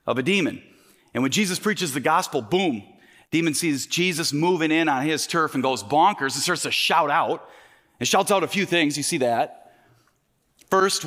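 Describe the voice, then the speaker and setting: A man's voice: a little high, fairly bright tone. A male pastor preaching a sermon, building his points through emphatic repetition.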